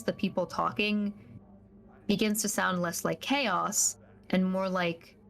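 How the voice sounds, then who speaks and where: A woman's voice: fairly low pitch, creaky. A woman running a tabletop game as game master, describing scenes in a loose, hesitant way with many fillers.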